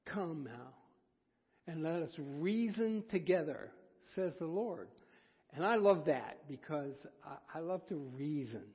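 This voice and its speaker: A man preaching a folksy, self-deprecating sermon, with halting restarts. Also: on the high side, lively intonation, husky. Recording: dull sound, long hall reverb.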